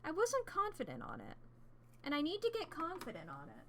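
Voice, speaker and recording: A woman streaming a game, chatting casually and excitably, swearing freely and rambling as she plays at a home desk setup. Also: extremely high pitch, a little fast, a little hiss or hum. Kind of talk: casual gameplay commentary.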